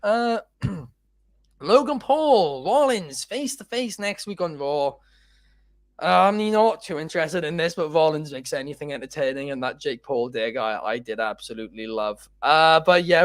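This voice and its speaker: A man's voice: a little high, normal speed, no room sound. Opinionated man hosting a chatty podcast. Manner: opinionated, rambling with many fillers. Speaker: podcast host. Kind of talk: casual wrestling chat.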